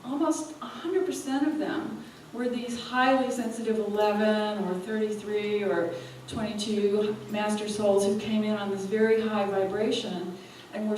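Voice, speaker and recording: Woman, animated storyteller at a live talk; distant mic, echoey hall. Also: medium pitch. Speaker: spiritual teacher and speaker. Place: event hall. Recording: echoey hall, from far off, faint room noise.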